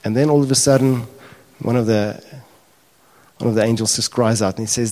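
A man preaching a sermon, talking casually to his congregation and building to impassioned, near-shouted questions. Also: mid-range voice, fairly even intonation, fairly quick. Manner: conversational asides to the congregation.

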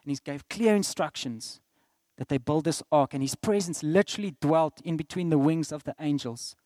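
A middle-aged man with a South African accent preaching a sermon, swinging between loud declarations and soft asides. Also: a little high, normal speed, dry recording, clean studio sound. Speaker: pastor.

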